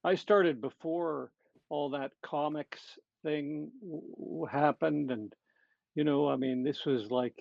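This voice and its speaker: A middle-aged man with a Canadian accent talks through his past in a casual interview. His voice sits fairly high with a gravelly fry. He stops and restarts often, and the dry recording sounds dull and lo-fi. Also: darkish tone, no room sound. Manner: halting, with many fillers and restarts. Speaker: comedian guest.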